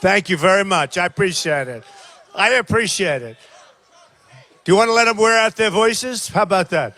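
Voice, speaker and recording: Older man, campaign rally speech, high-pitched, sharp bright tone, repetitive and rambling. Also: lively intonation, moderate pace. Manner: rambling, repetitive, talks straight to the crowd. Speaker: political candidate. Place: large rally crowd by a plane.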